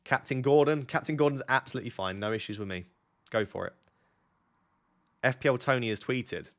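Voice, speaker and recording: A young fantasy football streamer hosts a casual late-night live stream from his bed at home, chatting with and teasing his chat. His voice is medium-pitched and fairly quick.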